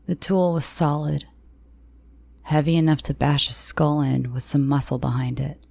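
A woman narrating dark first-person audio fiction in a slow, hushed, often near-whispered manner. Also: low-pitched, little pitch movement, creaky.

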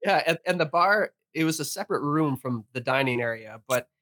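Animated man telling a bar story. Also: on the high side, fairly quick, dry recording, clean studio sound. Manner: animated storyteller, acts out quotes, laughs often. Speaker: guest bartender. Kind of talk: casual storytelling.

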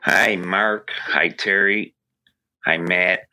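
A man's voice: sits low, fairly even intonation, takes it slowly, pushed and bright. A man with a New York accent, from upstate New York, leaving an effusive, friendly voicemail question for a hunting show. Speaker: listener calling in.

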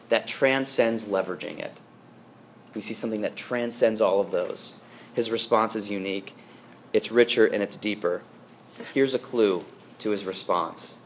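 A man's voice: lowish voice, a little hiss or hum. A priest delivering a sermon to his congregation, earnest and emphatic, with frequent fillers and restarts.

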